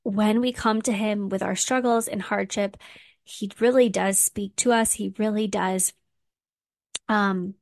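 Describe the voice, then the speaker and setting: A woman's voice: medium pitch, steady tone, measured pace, creaky, a little mellow, no room sound, studio quality. Earnest woman hosting a faith podcast. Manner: earnest and heartfelt, getting emotional. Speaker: podcast host; mom. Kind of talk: casual faith podcast talk.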